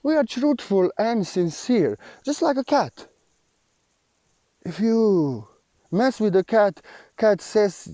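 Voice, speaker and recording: Mellow-voiced man giving spiritual teaching. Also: high voice, lively intonation, slow pace, long pauses, no room sound. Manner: repetitive, earnest, slightly unidiomatic phrasing.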